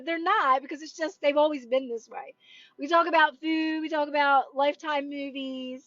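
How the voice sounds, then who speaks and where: Woman, high voice, casual rambling livestream coach, filler-heavy, dry and slightly dull phone audio. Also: fairly bright tone, no room sound. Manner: chatty and rambling, full of "like" and "right?". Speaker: manifestation coach. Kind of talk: casual livestream chat with viewers.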